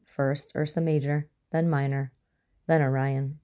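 A woman reading a story aloud as narrator, in a steady, even storytelling manner. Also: deep voice, measured pace. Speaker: story reader. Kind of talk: audiobook narration of fan fiction.

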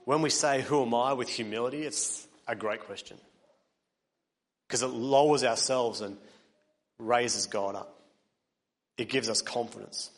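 A man's voice: medium pitch, a little slow, pauses often. Earnest preacher man in a reverberant hall. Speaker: pastor. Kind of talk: sermon.

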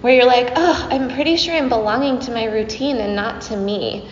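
A woman's voice: fairly high pitch, normal speed, slight background noise. A middle-aged woman, a yoga teacher, giving a chatty dharma talk to her class, laughing often and using many fillers. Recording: dull echoey hall recording.

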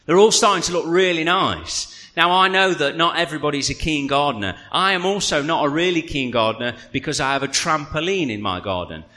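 A man preaching a sermon, telling a humorous personal story in a chatty, animated way. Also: on the high side, brisk, hardly any pauses. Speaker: pastor. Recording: reverberant hall.

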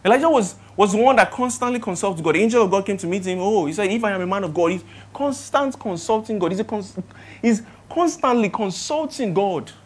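A preacher with a Nigerian accent, delivering a sermon in a voice of ordinary, middling pitch. The delivery is impassioned, climbing into loud, pressing build-ups and then dropping to quiet, drawn-out lines. Rhetorical questions are thrown straight at the congregation. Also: lively intonation. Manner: impassioned, swings between loud emphatic build-ups and quiet, slowed-down points. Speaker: pastor.

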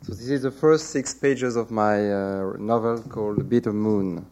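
French guy reading his novel in english, heavy accent, slow careful reading. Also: lowish voice, a little mellow. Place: lecture hall, before an audience.

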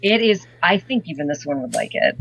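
A woman's voice: sits low, sing-song, brisk, gravelly, fairly bright tone, husky. Flustered, foul-mouthed woman guest. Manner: profane, flustered, laughing. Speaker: podcast guest. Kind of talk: casual chat.

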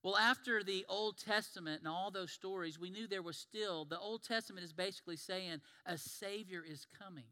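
A man's voice: high-pitched, normal speed, hardly any pauses. A man preaching a sermon, telling Bible stories and acting out the voices of the people in them. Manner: animated storytelling, acts out quoted biblical voices. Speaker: pastor. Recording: long reverb of a large hall.

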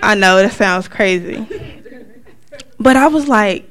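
A middle-aged woman giving a church testimony in a casual, conversational way, acting out quotes with sudden high outbursts. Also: lively intonation, a little slow, a bit bright, clean tone. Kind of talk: testimony talk.

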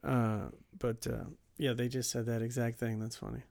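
A man co-hosting a podcast with a gravelly, creaky voice, agreeable and chatty. The sound is dry and close, with no room around it. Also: mid-range voice, flat delivery, normal speed, a little mellow, dry recording. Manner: agreeable, keeps saying right. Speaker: podcast co-host. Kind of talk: casual chat.

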